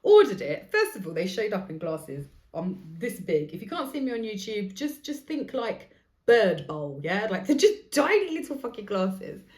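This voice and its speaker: A woman talks through her week in a loose, chatty monologue. She swears freely and acts out what other people said, and her voice sits at an ordinary middle pitch. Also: very animated, normal speed, a little mellow. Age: 40s. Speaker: podcast host. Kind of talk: casual storytelling monologue.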